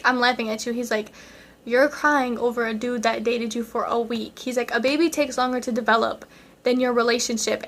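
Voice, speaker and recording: A woman's voice: fairly high pitch, a bit bright. A young woman vlogger telling a dramatic storytime in a chatty style, full of fillers. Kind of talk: casual storytime.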